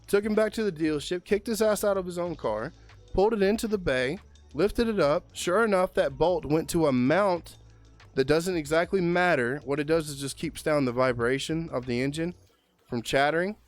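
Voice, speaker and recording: Fairly high-pitched and moving at a moderate pace, a young man who works as a car mechanic co-hosts a podcast over soft background music. He tells a long shop story in casual chat, swearing heavily and peppering it with "man" and "right?"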